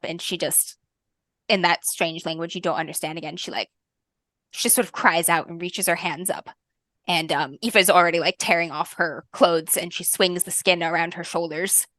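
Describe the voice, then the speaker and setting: A woman game master narrating a fantasy tabletop game in a soft, lyrical way, with frequent ums. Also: on the low side, no room sound, clean studio sound.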